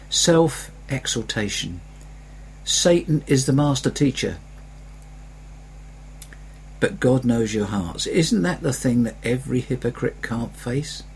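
A man's voice: medium pitch, animated, unhurried, creaky, darkish tone, slightly rough. A man preaching a sermon as pastor, conversational, putting on mocking voices when quoting critics.

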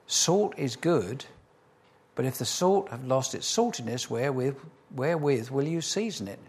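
A man preaching a sermon as pastor, emphatic, repeating key phrases and slowing for stress, then leading a prayer. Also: mid-range voice, lively intonation, breathy edge.

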